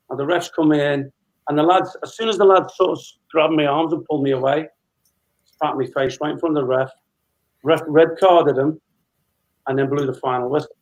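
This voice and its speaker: A man's voice: a little high, moderate pace, poor audio. Laughing middle-aged man telling stories. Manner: laughing, animated anecdote-telling. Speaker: former footballer, guest. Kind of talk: casual storytelling interview.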